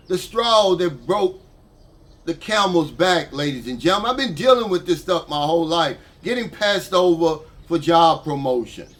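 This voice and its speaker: Older man, casual vlog monologue, fed-up heated manner, slightly high voice. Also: expressive, normal speed, a bit bright. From United States. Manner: frustrated, heated, conversational. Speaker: vlogger.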